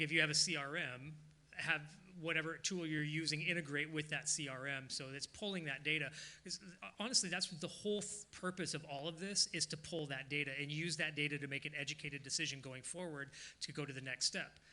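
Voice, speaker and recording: A man speaking casually on a discussion panel, telling stories in an animated way. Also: a little high. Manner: casual, animated storytelling with quick asides.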